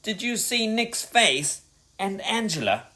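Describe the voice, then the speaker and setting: A man's voice: high-pitched, very animated, slow, sharp tone, pitched above the performer's own voice, exaggerated voice. A man voicing a giggly, loyal boy sidekick in a children's storybook reading, sounding gleeful.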